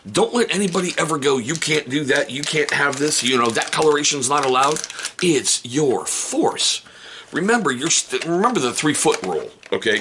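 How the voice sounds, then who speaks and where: A man's voice: fairly high pitch, pushed and bright, slight background noise. A man in his forties hosting a casual hobby unboxing vlog, chatty, joking and encouraging. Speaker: hobby channel host.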